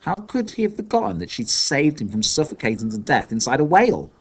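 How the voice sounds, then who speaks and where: Expressive male audiobook narrator. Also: fairly high pitch, a little fast, gravelly, husky. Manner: expressive storytelling. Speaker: audiobook reader. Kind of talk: scripted narration.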